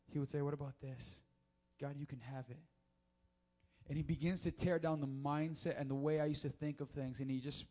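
A man's voice: on the high side, a little mellow. A man preaching a sermon as a youth pastor, casual and slangy, moving into prayer in a church sanctuary. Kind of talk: sermon and altar-call prayer.

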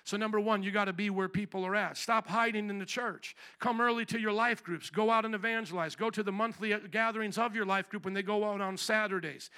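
A middle-aged male pastor with a very high, bright voice delivers a fiery sermon in a church. He preaches hard, pushing into shouts. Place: church sanctuary.

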